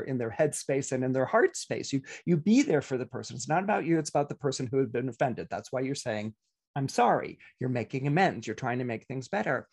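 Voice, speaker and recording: Husky chatty man on a podcast. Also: a little high, a little mellow. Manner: chatty, many restarts and acted-out quotes. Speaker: astrologer. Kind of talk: casual podcast talk.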